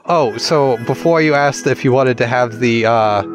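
A man plays a scruffy, zombie-hunting adventurer who talks in a put-on accent. He speaks casually and haltingly, filling his sentences with "uh"s, over loud guitar music. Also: mid-range voice, natural voice. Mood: friendly. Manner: casual, hesitant, full of "uh"s.

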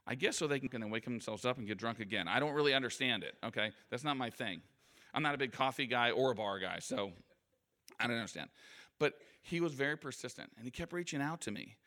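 A man's voice: medium pitch, animated, fast talker, bright, forceful tone. A man giving an anecdotal motivational talk in front of a live audience, in a conversational, self-deprecating storytelling manner. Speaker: guest speaker.

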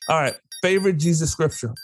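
A man co-hosting a podcast, running a quick quiz game in a playful, joking way and laughing often. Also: on the high side, soft background music. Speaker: podcast co-host. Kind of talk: casual chat, quiz game.

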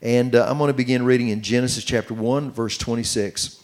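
A middle-aged man preaching on marriage, reading scripture slowly and commenting as he goes. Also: medium pitch, fairly even intonation, darkish tone. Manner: earnest, reads scripture slowly with running commentary. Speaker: pastor teaching on marriage. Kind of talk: sermon-style Bible teaching.

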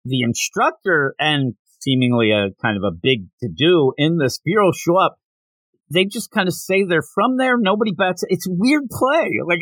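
A man co-hosting a casual podcast, talking through a manga story with lively rises and falls in his voice. He speaks fast and slips into quoted lines and laughs. His slightly high voice is recorded dry and close. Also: no echo. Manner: animated, quick recaps with laughs and quoted lines. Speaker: podcast co-host. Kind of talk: casual chat reviewing manga.

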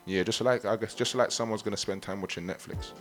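A young man talks quickly in a relaxed, easygoing way, ending almost every phrase with "innit". His voice sits fairly low. Faint music plays underneath. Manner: laid-back, tags nearly every phrase with "innit". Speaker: musician and guest. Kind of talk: casual interview chat.

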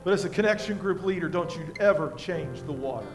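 An older American pastor preaches in a high-pitched voice, telling homey stories and moving from hushed moments to loud peaks. Music plays clearly behind his sermon. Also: lively intonation, brisk. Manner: folksy storytelling with props, swinging from quiet to loud.

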